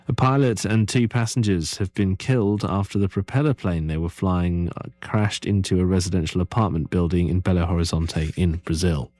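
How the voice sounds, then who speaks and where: A male newsreader delivers a radio bulletin in an even, formal manner. His voice sits a little low. The booth sound is completely dry. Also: no room sound. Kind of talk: news bulletin reading.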